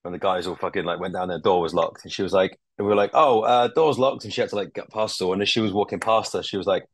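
A man's voice: low voice, quick pace, slightly rough, dry recording. A man co-hosting a podcast, telling a rambling, sweary story in a laid-back way. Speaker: podcast co-host. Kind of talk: casual storytelling.

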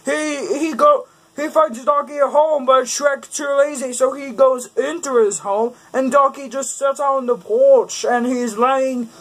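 A man putting on a goofy adult male cartoon character who rambles haltingly, full of ums and restarts. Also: very high voice, a bit bright, full character voice, poor audio. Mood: rambling. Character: goofy dim-witted adult man, regular customer.

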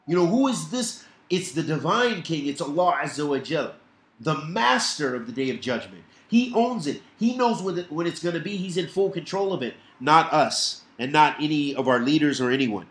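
A man teaching a Quran commentary lesson, explaining verses with quick recited quotations and repeated emphasis. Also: a little high, expressive, echoey room. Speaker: Islamic teacher.

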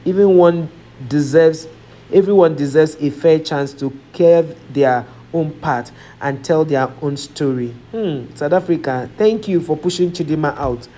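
A woman's voice: deep voice, measured pace, mellow. A woman vlogger reading viewer comments aloud and reacting with emotional sighs and exclamations.

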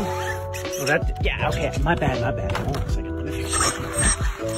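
A young man in his late teens, playfully talking to his toy trucks and calling their game like an excitable sports commentator. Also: on the high side, normal speed, over loud music. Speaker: video creator. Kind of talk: comic skit with mock sports commentary.

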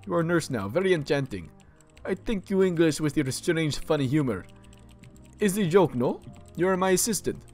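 A man's voice: a little high, expressive, moderate pace, a little mellow, soft background music, lightly acted. A man voicing a male foreign doctor in broken English, with a stilted, clumsy put-on accent. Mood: jovial.

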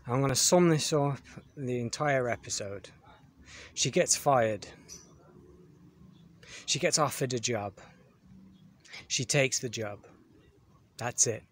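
A man's voice: mid-range voice, slow pace, long pauses. A man giving a blunt, dismissive review monologue, with frequent "you know what I mean" asides.

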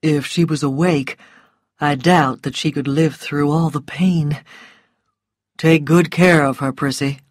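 A woman voicing a self-assured, mocking grown man in a storybook reading, speaking calmly in a low, quiet murmur. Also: unhurried, dry recording, clean studio sound. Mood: cool. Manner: calm, low and teasing, dropping to a murmur.

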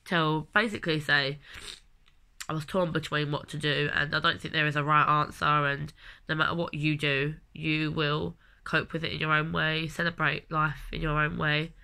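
Speaking at normal speed with fairly even intonation, a woman with a deep, bright, forceful voice and a London accent vlogs in a rambling, sincere way. She's in her late twenties and has a cold.

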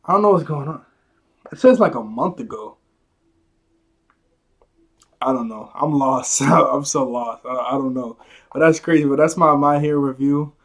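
A man's voice: medium pitch, moderate pace, long pauses, a bit bright. A man casually reviewing a manga chapter, rambling and restarting his sentences, with chuckles along the way.

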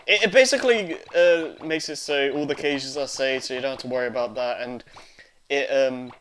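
A man's voice: mid-range voice, moderate pace, fairly bright tone, slight background noise. A young man hosting a let's play, chatting casually with lots of fillers and restarts. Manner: rambling, many fillers and restarts. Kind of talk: casual gameplay commentary. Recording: faint game music behind.

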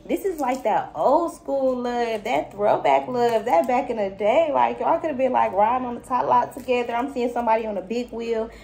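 A woman's voice: on the high side, normal speed, creaky, few pauses, warm tone, faint music behind. A woman giving a chatty spiritual reading straight to her viewers, full of loose filler and calling the listener baby. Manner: talks straight to the viewer, calls them baby. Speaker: spiritual reader. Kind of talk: casual intuitive reading to viewers.

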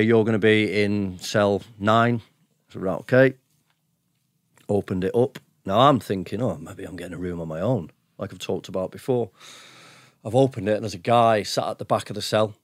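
A man's voice: lowish voice, no echo, studio quality. A man telling his story as a podcast guest, blunt and sweary, chuckling between anecdotes. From United Kingdom. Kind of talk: casual storytelling.

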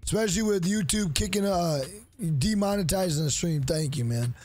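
A man's voice: high-pitched, normal speed, darkish tone. A man streaming a fighting game live, talking casually, swearing freely and trash-talking the opponent. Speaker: gaming streamer.

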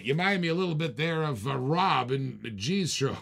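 Guy with a gravelly voice hosting a live auction stream, jokey, keeps repeating the bids. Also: mid-range voice, fairly quick, a bit bright.

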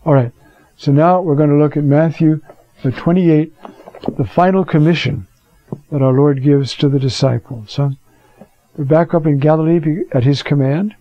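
A priest giving a conversational teaching sermon, with rhetorical questions and frequent fillers. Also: male voice, fairly high pitch, moderate pace, warm tone, no echo. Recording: dull lo-fi recording.

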